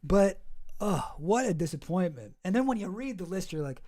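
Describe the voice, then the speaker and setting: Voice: mid-range voice, animated, moderate pace, mellow. A channel host giving casual, sarcastic commentary, rambling and swearing freely.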